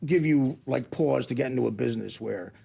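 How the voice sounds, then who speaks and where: A man's voice: mid-range voice, fairly quick, mellow. A man hosting a talk show in a studio, telling stories and joking in casual chat. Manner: gravelly, joking storyteller. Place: radio studio.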